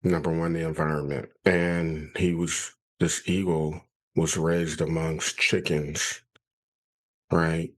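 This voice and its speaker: A man's voice: extremely low pitch, level tone, slow pace. A man, a leadership coach, reflecting on a story in a podcast chat.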